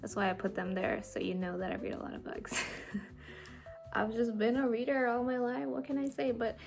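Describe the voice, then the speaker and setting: A woman's voice: on the high side, steady tone, normal speed, vocal fry, darkish tone. A young woman from India talks casually to her viewers in a late-night chat. Her accent is mixed and only partly Indian. She laughs often as she goes, with faint music underneath. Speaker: vlogger.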